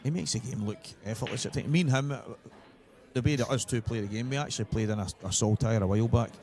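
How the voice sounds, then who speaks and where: A Scottish man commentating on pool, telling stories from the circuit with animated retold dialogue. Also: medium pitch, fast talker. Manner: storytelling, animated in retold quotes. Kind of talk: live sports commentary. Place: commentary position at a venue.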